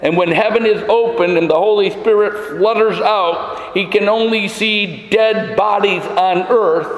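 A male pastor preaching a sermon emphatically, building his points through repeated phrases. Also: sits high. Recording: echoey hall.

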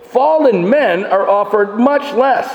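A man's voice: high voice, animated, slow, muffled recording. A man preaching a sermon as pastor, emphatic and full of rhetorical questions with dry asides. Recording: echoey church hall with long reverb.

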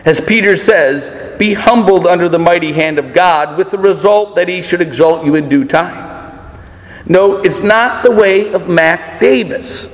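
High-voiced pastor preaching in echoey hall. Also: male voice. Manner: preaching with slow emphatic pauses. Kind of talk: sermon.

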